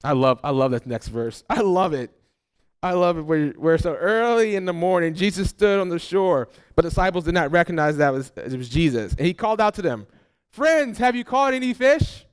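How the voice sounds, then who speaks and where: A pastor preaching a sermon to his congregation. He talks to them directly in a conversational, animated way and acts out people's replies. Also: on the high side, brisk, clear, resonant tone.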